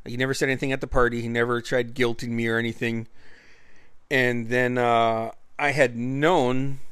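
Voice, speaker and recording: A man's voice: mid-range voice, fairly bright tone, clear, resonant tone, no room sound. A man telling a personal story in a casual, rambling way, laughing often and swearing freely.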